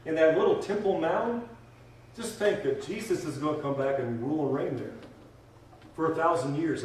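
In a church sanctuary, a pastor preaches a sermon and leads a closing prayer, emphatically repeating phrases as he builds to fervent exhortation. His voice is fairly high at normal speed, captured from afar by a distant mic in a very echoey church hall.

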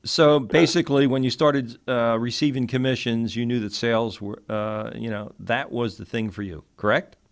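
A man's voice: mid-range voice, steady tone, moderate pace, hardly any pauses. A man hosting an interview, asking questions in a friendly way and laughing easily. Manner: friendly, laughs often, short prompts. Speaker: interview host. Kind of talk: casual interview.

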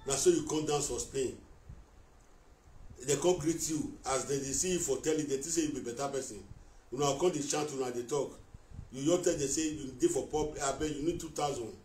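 A man's voice: medium pitch, a little fast, warm tone, a little hiss or hum. A man with a Nigerian Pidgin accent in a heated live-stream rant, accusing and repeating himself while talking straight at someone. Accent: Nigerian Pidgin English. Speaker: vlogger addressing a rival on a live video. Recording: echoey room, mic at a distance.

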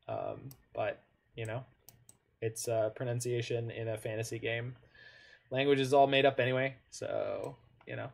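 A man talking through his own card game as he plays, in a middle-pitched voice that sits in an ordinary range. He thinks aloud, corrects himself mid-sentence and wanders into small asides, keeping it relaxed and conversational. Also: creaky. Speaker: gamer commenting on his own online card game matches. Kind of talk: casual gameplay commentary.

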